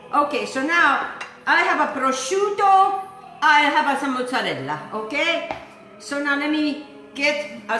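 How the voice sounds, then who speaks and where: A woman's voice: sits high, reverberant. An Italian-accented woman hosting a home cooking show, chatty and playful, talking to viewers as she cooks. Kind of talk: casual cooking demonstration. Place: home kitchen.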